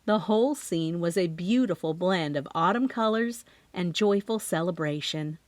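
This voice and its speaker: A woman's voice: fairly low pitch, normal speed, dry recording. A woman narrating a cozy mystery audiobook in the first person, as a scripted reading. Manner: expressive first-person storytelling.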